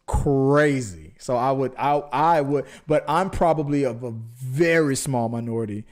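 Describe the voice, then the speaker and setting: A man's voice: mid-range voice, a little slow. A man co-hosting a casual movie podcast, rambling and joking as he talks through the news. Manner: jokey, rambling, self-correcting. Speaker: podcast co-host.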